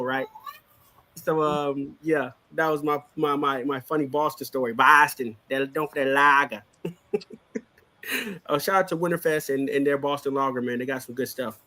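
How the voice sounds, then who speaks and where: A man co-hosting a casual podcast chat, joking around and dropping quick asides. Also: on the high side, bright, forceful tone. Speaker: co-host.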